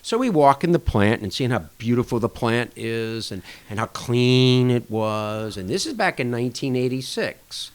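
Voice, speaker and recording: A man recounts an old story in a relaxed interview, his voice swinging up and down as he acts out what each person said. He speaks at a middling pitch and an easy, conversational pace. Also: normal speed, hardly any pauses. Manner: animated anecdote-telling, acting out dialogue with shifting pitch. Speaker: podcast guest, restaurant association chair.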